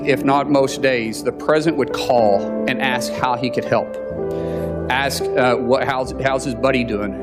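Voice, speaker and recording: Male guest, mid pitch, heartfelt and halting storyteller. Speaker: talk show guest. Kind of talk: personal storytelling.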